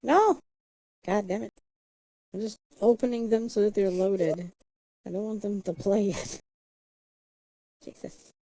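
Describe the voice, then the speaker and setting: On a low-quality recording, a woman with a warm, mid-range voice takes things slowly and pauses often. She's livestreaming in a chatty, casual way, muttering to herself as she sets up and humming and singing bits of nonsense syllables.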